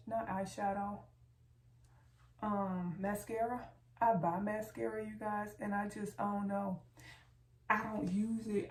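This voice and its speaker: A beauty vlogger with a medium-pitched, gravelly voice chats playfully with her viewers, calling them "y'all" again and again. It's a casual get-ready-with-me talk filmed at home, with the camera set far back in an echoey room. The far-off camera mic gives a roomy, distant sound with faint background noise.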